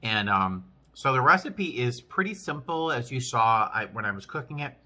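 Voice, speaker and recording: A man casually vlogging while eating, chatting with frequent restarts and pauses to chew. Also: medium pitch, expressive, sharp tone. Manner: chatty, chewing between sentences; rambling with many restarts. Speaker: vlogger, flight attendant.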